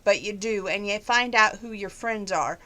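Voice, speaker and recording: A woman's voice: medium pitch, moderate pace, sharp tone. A middle-aged woman giving a chatty, folksy personal update to her viewers, holding back emotion. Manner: chatty and folksy, trying not to get emotional. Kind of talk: casual chat to viewers.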